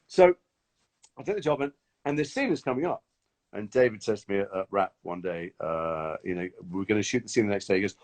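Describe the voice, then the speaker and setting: A man's voice: lowish voice, quick pace. A man chatting casually on a live video call, telling set stories and acting out what others said. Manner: animated anecdotes acting out other people's lines. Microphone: phone on a video call.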